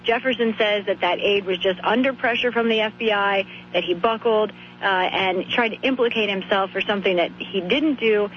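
A woman radio correspondent reports live, her voice hoarse and a little worn. She keeps a brisk, chatty pace. The line sounds dull and lo-fi, with a faint hum underneath. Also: mid-range voice.

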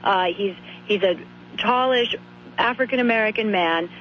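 A woman radio correspondent reports live, her voice hoarse and a little worn. She keeps a brisk, chatty pace. The line sounds dull and lo-fi, with a faint hum underneath. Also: mid-range voice.

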